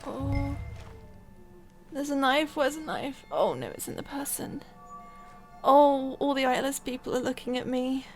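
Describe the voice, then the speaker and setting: High-voiced nervous woman narrating a game. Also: very animated, normal speed, soft background music. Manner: nervous, jumpy, often whispering and laughing anxiously. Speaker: gaming video host. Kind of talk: let's play commentary.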